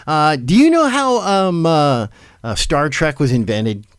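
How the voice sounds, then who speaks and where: A man's voice: fairly high pitch, lively intonation, measured pace, clear, resonant tone, no echo, clean studio sound. Middle-aged man, loose swearing talk show host. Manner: loose, swearing, laughs a lot. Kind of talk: casual live commentary.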